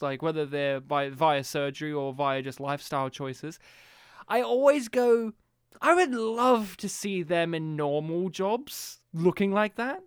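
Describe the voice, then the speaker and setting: A high-pitched man with a smooth, resonant voice co-hosts a podcast, talking casually about a film. He is animated and emphatic, leaning into jokes. The sound is dry and close. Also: no room sound. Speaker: podcast co-host. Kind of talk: casual chat reviewing a film.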